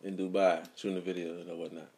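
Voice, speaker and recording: A man's voice: deep voice, flat delivery, fast talker, dark tone. A man co-hosting a casual late-night chat, laid-back and slangy, chuckling often. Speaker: podcast co-host.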